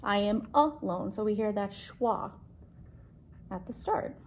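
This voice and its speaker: A woman teaching a one-on-one phonics lesson, patient, slow and clear, stretching out sounds. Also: medium pitch, expressive. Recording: echoey room, distant mic, background noise.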